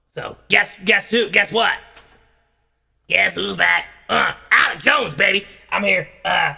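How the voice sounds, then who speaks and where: A bombastic talk-show ranter, as a man impersonates him speaks in a gravelly, raspy, high-set voice that erupts into shouting. He stumbles through fillers and then booms out his outrage. The tone is sharp and forceful. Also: heavily acted. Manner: blustering, bursts into shouting, halting filler-heavy rant. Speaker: comedian doing a parody rant. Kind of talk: comedic impression rant.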